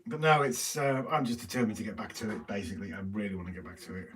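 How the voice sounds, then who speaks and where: This British livestream co-host has a fairly low, fairly bright voice and speaks at a racing, expressive clip. He reads viewer comments aloud and banters teasingly in a casual way. The recording catches him from a distance with a little faint noise.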